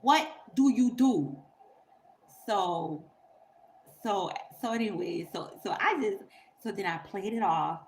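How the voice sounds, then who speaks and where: A woman's voice: mid-range voice, takes it slowly, slight background noise. A woman on her own channel, telling a story in casual, profane, emphatic talk and laughing through it. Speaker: YouTuber.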